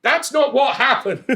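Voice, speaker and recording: High gravelly man in his forties. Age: 40s. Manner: animated, swears freely, laughs while telling stories. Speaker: wrestling podcast guest. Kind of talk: casual storytelling chat.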